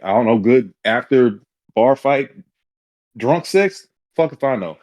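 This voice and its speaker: A man's voice: mid-range voice, no room sound. A man co-hosting a podcast, telling a story in a casual, profane way and acting out what people said. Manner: animated, profane, acts out quotes in voices. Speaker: podcast co-host.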